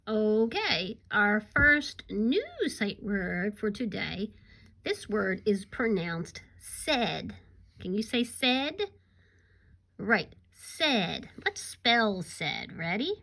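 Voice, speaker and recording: A kindergarten teacher, a woman, gives a recorded remote classroom lesson in an animated manner with an extremely slow, gravelly voice. She draws her words out and breaks into sudden high exclamations.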